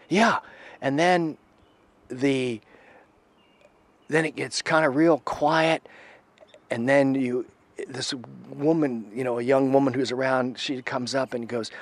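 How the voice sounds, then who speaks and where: A man tells a long personal story in a relaxed, chatty way at a middle pitch. He dips into near-whispers for the tense moments and brightens as he acts out the others' voices. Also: a little slow. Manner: animated, acts out quoted voices, drops to a hush at tense moments. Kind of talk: casual spoken storytelling.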